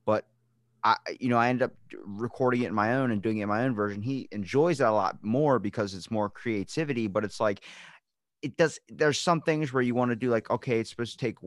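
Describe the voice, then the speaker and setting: A man's voice: medium pitch, a little fast, dry recording, clean studio sound. A man hosting a podcast in casual chat, rambling onto tangents and swearing freely. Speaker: podcast host.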